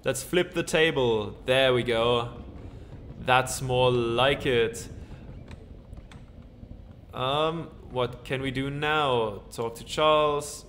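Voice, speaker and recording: Speaking extremely slowly with long pauses, a gaming channel host reads a comedy game's narration aloud in a playful let's-play, adding goofy asides as he jokes around. His voice is mid-range and a bit bright, and there's a little hiss or hum.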